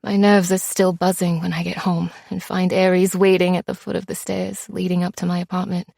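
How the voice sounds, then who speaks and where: A woman narrating an audiobook in first person, steady and measured, tough and menacing in the dialogue. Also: fairly low pitch, vocal fry, no room sound, studio quality.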